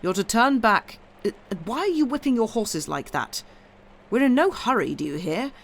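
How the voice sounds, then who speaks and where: A woman's voice: lowish voice, lively intonation, brisk, natural voice. A woman voicing an ardent, impatient young man in a read-aloud story, urgent and pleading.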